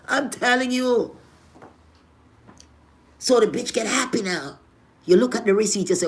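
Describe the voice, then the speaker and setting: A woman with a Jamaican accent tells a personal story to her viewers in casual vlog style. Her voice sits a little high for a woman. She talks bluntly with heavy swearing and swings between loud, punchy moments and quiet asides. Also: normal speed. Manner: animated, blunt and profane, swings loud and soft. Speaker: vlogger.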